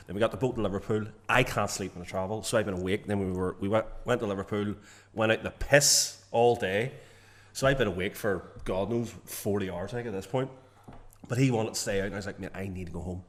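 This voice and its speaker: A young man, telling a long rambling story as a podcast co-host. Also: fairly low pitch. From Northern Ireland. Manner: rambling, self-correcting storyteller. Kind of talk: casual chat, storytelling.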